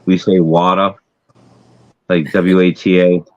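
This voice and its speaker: Low-voiced Massachusetts man, rambling. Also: expressive, unhurried, no echo, muffled recording. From New Bedford, Massachusetts. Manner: rambling, repeats words, swears. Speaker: guest. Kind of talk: casual chat. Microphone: video call.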